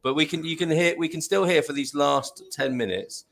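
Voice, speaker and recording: A man's voice: a little high, moderate pace, gravelly, a bit bright. A man hosting a casual online chat on a video call, upbeat and reading out viewer comments. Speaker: host.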